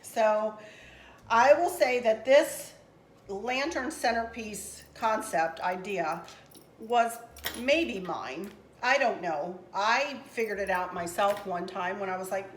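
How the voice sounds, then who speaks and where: A woman's voice: medium pitch, unhurried. A middle-aged woman, hosting a craft tutorial in a chatty, rambling, upbeat way from a room at home. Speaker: craft channel host. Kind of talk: casual craft tutorial chat. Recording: roomy with faint background noise.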